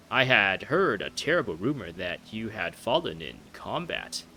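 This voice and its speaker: A man voicing a giant, fatherly old fish king in a put-on British accent, reading game dialogue slowly and formally. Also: lowish voice, big pitch swings, bright, forceful tone, slight background noise, exaggerated voice, rough recording. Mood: solemn. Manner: slow, stately and formal.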